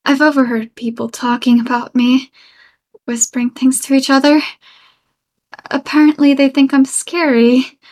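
A woman's voice: high-pitched, level tone, moderate pace, long pauses, darkish tone, close to an everyday voice. A woman acting an obsessive, unstable young woman in a listener-directed audio role-play, pleading sweetly and then turning menacing. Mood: wistful, hurt. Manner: sweetly pleading, swinging into menacing outbursts and nervous laughs.

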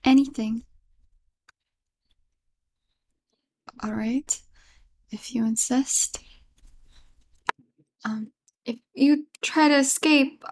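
Woman playing a yandere girlfriend, whispered role-play, higher voice, slow and soft, stammering, giggly. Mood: nervous, apologetic. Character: clingy obsessive young yandere girlfriend, tender and apologetic.

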